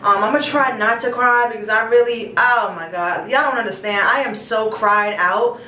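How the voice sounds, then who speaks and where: In an echoey small bathroom, a young woman vlogs casually to camera, rambling affectionately and calling her viewers her babies. Her voice is a little high, bright and forceful, at a moderate pace, picked up by a distant mic with slight background noise.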